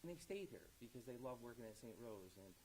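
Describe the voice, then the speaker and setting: A middle-aged man, a county executive, giving candid press conference remarks outdoors, rambling with many fillers and retelling conversations in an animated way. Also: medium pitch, a little fast, a little hiss or hum, low-quality recording.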